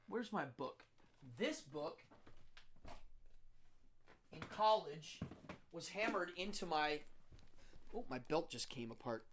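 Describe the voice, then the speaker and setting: A live-stream host in their fifties talks through a casual solo monologue at an unhurried pace. The voice sits in a middle register. The diction is precise and teacherly, with sounds acted out and words drawn out for emphasis. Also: mid-range voice, a little hiss or hum. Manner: deliberate, careful enunciation with drawn-out emphasis; demonstrative, teacherly, acts out sounds.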